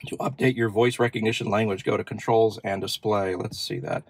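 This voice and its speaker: This man's voice is lowish and steady with a breathy edge, and he talks briskly with no room sound. He's a car-channel host giving a casual demo walkthrough from his parked car, thinking out loud and dropping fillers as he shows off features.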